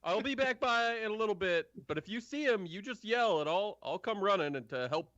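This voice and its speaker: A man voicing a jumpy male railway guard in a tabletop game, talking high, fast and flustered, on a dull lo-fi stream recording. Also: expressive, a bit bright, dry recording.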